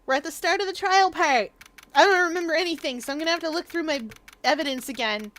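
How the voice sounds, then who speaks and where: A woman's voice: high voice, fast, fairly bright tone. A woman streaming a game, chatting casually while eating, with many ums and restarts. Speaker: VTuber streamer. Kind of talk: casual gaming stream chat.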